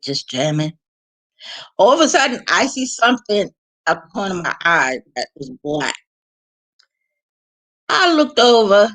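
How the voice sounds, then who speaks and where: Lively, laughing woman telling stories. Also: lowish voice. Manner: animated, laughing, frank and rambling with restarts. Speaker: vlogger. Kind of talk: casual storytelling.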